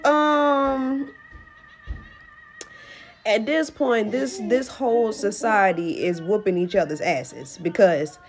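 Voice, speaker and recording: A young woman giving a casual tarot reading, blunt and profane, talking in an animated way. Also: medium pitch, takes it slowly, long pauses, music in the background. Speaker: tarot reader.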